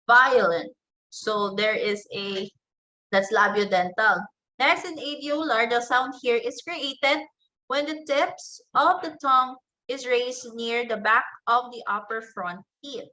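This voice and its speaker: A woman teacher giving an online class lecture, slowly explaining and spelling out example words one at a time, with frequent fillers and restarts. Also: a little high, bright, forceful tone, low-quality recording. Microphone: computer microphone in an online class.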